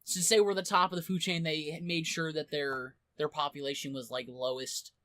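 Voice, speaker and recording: A woman's voice: low-pitched, normal speed, no room sound. A young woman co-hosting a podcast, retelling a story in casual chat and acting out the characters' lines. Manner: animated plot retelling, acting out quotes. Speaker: podcast co-host.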